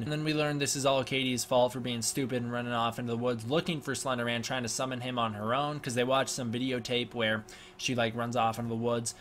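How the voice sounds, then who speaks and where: Bright-voiced sarcastic male movie reviewer. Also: mid-range voice, fairly even intonation, fast talker, slight background noise. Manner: sarcastic, mocking mimicry of characters. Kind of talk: casual spoken review.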